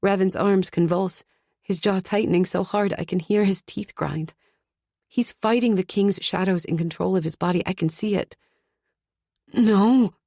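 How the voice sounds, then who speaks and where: A woman's voice: fairly low pitch, fairly even intonation, normal speed, warm tone, no echo, clean studio sound. A woman narrating a fantasy audiobook in the first person, tense and urgent. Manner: tense, urgent inner monologue.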